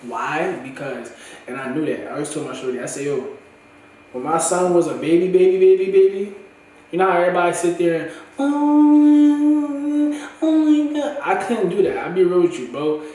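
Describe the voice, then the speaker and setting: A young man in a candid, profane, slang-heavy monologue for his vlog, his voice going hoarse. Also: a little high, fast talker, darkish tone. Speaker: vlogger. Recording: echoey room, far from the mic.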